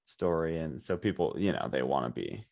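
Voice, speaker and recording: A man's voice: very deep voice, animated, moderate pace, vocal fry, a little mellow. A man co-hosting a casual book podcast, musing aloud with hesitant restarts. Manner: musing, hesitant, full of fillers. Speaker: podcast co-host. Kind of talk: casual book-discussion chat.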